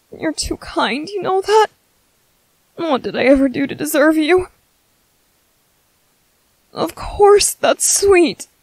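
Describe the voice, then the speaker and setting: A woman voicing a timid, gentle young man who stammers softly and apologizes, in a whispered role-play. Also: high voice, no room sound, heavily acted, rough recording. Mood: nervous, gentle. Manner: hesitant, stammering, soft-spoken.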